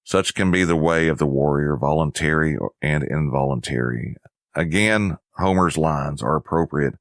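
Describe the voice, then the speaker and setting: Very deep-voiced man narrating history. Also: moderate pace, no room sound, clean studio sound. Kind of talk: scripted history lesson narration.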